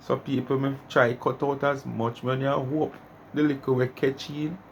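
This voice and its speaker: Gravelly Jamaican man chatting. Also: medium pitch, level tone, normal speed, slight background noise. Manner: chatty, in patois. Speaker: commentary host. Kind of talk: casual commentary on a clip.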